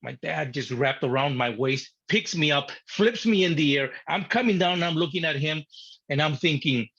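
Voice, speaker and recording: A man telling a personal story in an interview, animated and blunt, acting out his younger self and swearing at times. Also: a little high, normal speed, vocal fry. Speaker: guest. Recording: dull lo-fi sound.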